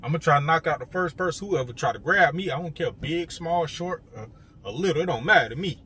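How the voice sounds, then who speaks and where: A man's voice: a little high, animated, fast talker, sharp tone, slight background noise. A young man telling a story straight to his viewers in a casual, conversational way, often talking to them directly. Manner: conversational, addresses viewers directly, many fillers.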